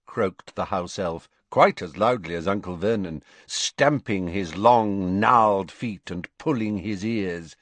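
A man narrating an audiobook in an unhurried, expressive storytelling manner. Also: sits low, no room sound. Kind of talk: scripted narration.

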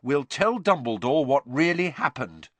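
A man reading aloud voicing a loyal, indignant teenage schoolboy who talks briskly. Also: medium pitch, very animated, a bit bright, no room sound, pitched above the performer's own voice.

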